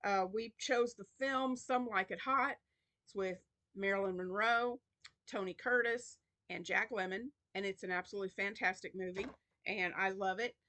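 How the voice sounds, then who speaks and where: A woman's voice: mid-range voice, moderate pace, pushed and bright. A woman hosting a crochet channel in a casual vlog, chatty and rambling with many restarts, tired and yawning.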